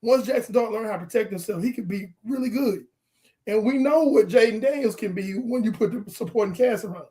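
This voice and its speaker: A man with a high, bright voice chats about football on a podcast. He is animated and playful, and he acts out scenes as he makes his point. His delivery is casual and joking. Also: brisk. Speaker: podcast co-host. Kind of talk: casual sports chat.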